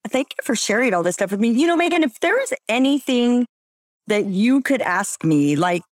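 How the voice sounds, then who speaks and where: A woman's voice: mid-range voice, sing-song, moderate pace, no echo, studio quality. A woman hosting a casual chat, chatty and laughing often. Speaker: podcast host.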